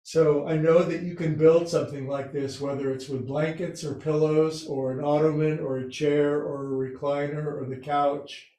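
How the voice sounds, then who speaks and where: A man's voice: on the high side, level tone, moderate pace, hardly any pauses, warm tone. A man teaching a restorative yoga class at home, talking in a chatty, joking way with self-mocking asides. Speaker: yoga instructor. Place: home room with couch and recliner. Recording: echoey room.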